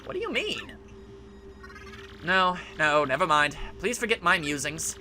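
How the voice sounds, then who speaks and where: A man voices an earnest, polite computer from a video game, speaking in a formal, stilted way. His voice is bright, with lively swings in pitch. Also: a little slow, soft background music, exaggerated voice. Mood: troubled. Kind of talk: let's play voice acting.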